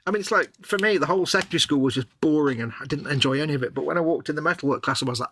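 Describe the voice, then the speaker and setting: A man's voice: fairly high pitch, racing, hardly any pauses, fairly bright tone, husky. A man co-hosting a live stream, chatting casually and wryly while building models. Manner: chatty, rambling, wry.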